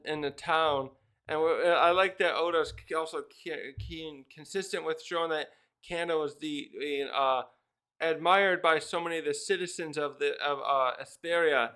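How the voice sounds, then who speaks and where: A man's voice: on the high side, steady tone, bright, forceful tone, clear, resonant tone. A man giving a casual spoken review of a manga chapter, rambling and briefly acting out the characters' lines. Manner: rambling, acts out character lines in quick put-on voices.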